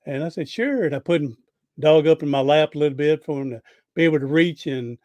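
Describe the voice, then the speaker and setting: A man's voice: a little high, fairly even intonation, fast, a little mellow, no echo. A man hosting a podcast interview, telling rambling, folksy anecdotes with frequent restarts. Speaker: podcast host. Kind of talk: casual interview storytelling.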